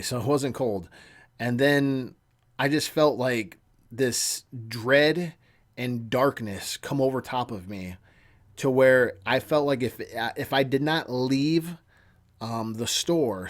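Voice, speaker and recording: A man in his thirties tells a personal story in an earnest, halting way, with an ordinary mid-range pitch. He often sinks into a hushed, low tone and then picks up again. His delivery is casual and unscripted. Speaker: channel host.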